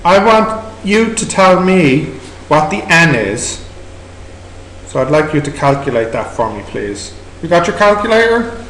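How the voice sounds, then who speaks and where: Irish male maths tutor, quizzing students as he goes; high voice, roomy classroom sound with slight hiss. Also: big pitch swings, measured pace, fairly bright tone. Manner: questioning, prompting students step by step. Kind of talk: working through exam questions with students. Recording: echoey room recording with background noise.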